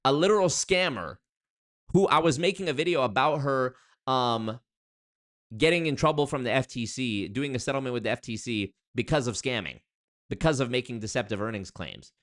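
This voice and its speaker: A man hosting a live-stream commentary show, reading chat aloud and reacting in an animated, jokey way with big leaps in pitch when he hypes viewers up. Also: normal speed. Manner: animated, jokey, big pitch swings, hype shout-outs.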